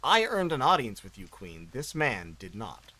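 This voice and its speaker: A man's voice: mid-range voice, wildly swooping pitch, normal speed, sharp tone, full character voice, rough recording. A man voicing a bold, blunt brawler in his plain voice.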